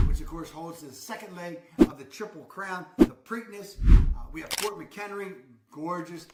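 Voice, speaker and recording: Upbeat male vlogger, Baltimore accent, pitched high; roomy, noisy recording. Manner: upbeat, hyped, shouts out exclamations. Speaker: real estate vlogger. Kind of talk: enthusiastic local promo vlog. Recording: echoey room with loud background noise.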